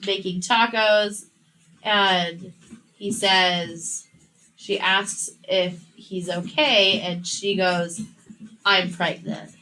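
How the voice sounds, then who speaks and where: A woman co-hosting a podcast, chatting casually and retelling a book's plot with lively quotes. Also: medium pitch, extremely slow, low-quality recording. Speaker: podcast co-host. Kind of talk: casual book chat.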